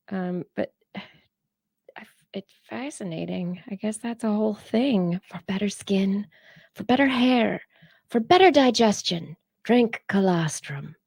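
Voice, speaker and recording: A woman's voice: on the high side, creaky, a little mellow, dry recording, studio quality. A woman co-hosting a live science podcast stream, chatting casually and laughing often. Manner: chatty, laughs often, talks to her cats and chat. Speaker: podcast co-host.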